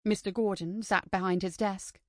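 A woman reading an audiobook in steady scripted narration. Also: mid-range voice, normal speed, no echo, studio quality. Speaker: audiobook reader.

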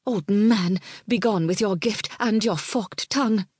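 A woman's voice: on the low side, lively intonation, normal speed, slightly rough, no echo, clean studio sound. Woman playing a fierce scornful queen. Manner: sharp and scornful. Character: fierce young queen, protective and suspicious.

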